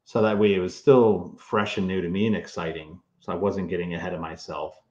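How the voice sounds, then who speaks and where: A man with a very low voice, talking as a guest expert in a loose, rambling way with frequent ums. His audio sounds roomy and a bit muffled, as if it came through a remote call. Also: steady tone, brisk, a little mellow. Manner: rambling, many fillers and restarts. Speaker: toy historian and author, guest. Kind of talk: casual interview talk.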